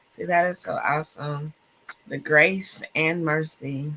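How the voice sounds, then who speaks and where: A woman hosting a podcast live online, talking in an excited, churchy, casual way, often laughing and saying y'all. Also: sits low, slow pace. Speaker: podcast host. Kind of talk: casual live-stream chat.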